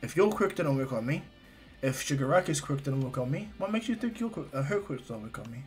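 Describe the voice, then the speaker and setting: A man voicing an eager, earnest teenage boy hero who bursts into excited shouts. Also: mid-range voice, brisk, faint music behind, lightly acted.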